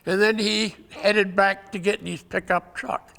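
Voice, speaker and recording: Halting folksy man, gravelly high voice. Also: steady tone, pushed and bright. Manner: folksy, halting storyteller with many uhs. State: weakened voice, clearing throat. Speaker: conference speaker. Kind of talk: telling jokes in a talk. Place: conference hall. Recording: long hall reverb.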